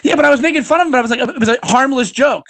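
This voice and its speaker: A man's voice: very high voice, very fast, a bit bright. A man guesting on a comedy podcast, telling chatty, jokey stories in casual banter.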